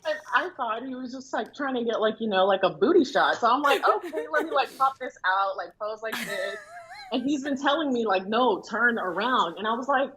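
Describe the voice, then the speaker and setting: A woman's voice: fairly high pitch, expressive, brisk, a bit bright, a little hiss or hum. A young woman, a bride, telling her story as a guest in a casual chat, acting out the quotes and laughing often. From Filipino family in America.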